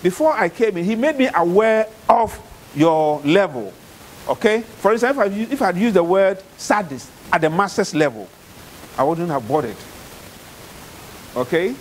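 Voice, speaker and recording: A man's voice: high-pitched, animated, moderate pace, a little hiss or hum, poor audio. A man with a Ghanaian accent giving a university classroom lecture, often repeating points and checking understanding with "okay?" as he calls on students.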